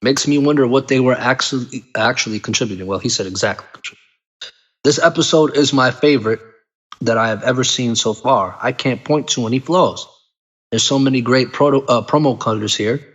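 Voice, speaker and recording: A man co-hosting a casual podcast and reading viewer comments in a laid-back way, giving shout-outs. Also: mid-range voice, brisk. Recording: dull lo-fi audio.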